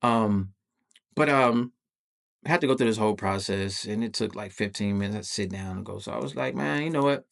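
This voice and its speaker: A man's voice: lowish voice, fairly quick, creaky, a bit bright. A man hosting a podcast, telling a personal story in loose, slangy, profane conversational talk. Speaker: podcast host.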